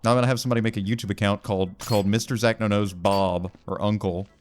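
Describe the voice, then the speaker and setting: Gamer man, lowish voice, loose rambling let's play patter. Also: fairly even intonation, quick pace, soft background music. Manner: rambling, joking, lots of fillers and voice bits. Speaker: gaming YouTuber.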